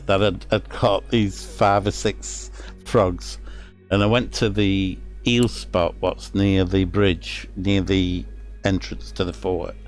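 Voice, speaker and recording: Slow, low Lancashire man rambling. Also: clear, resonant tone. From England. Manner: rambling, halting, with many fillers and restarts. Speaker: streamer. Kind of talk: casual gameplay commentary.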